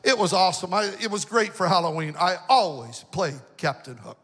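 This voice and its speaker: A man's voice: high voice, animated, brisk, fairly bright tone, slightly rough. A man from the western United States, a pastor, preaching a personal, emotional story with sing-song swells in his delivery. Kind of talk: storytelling sermon. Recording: long hall reverb.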